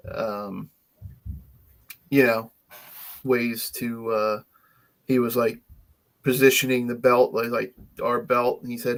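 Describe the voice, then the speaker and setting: Gravelly man in casual podcast chat. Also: medium pitch, a bit bright. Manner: rambling, full of fillers and restarts. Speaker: podcast co-host.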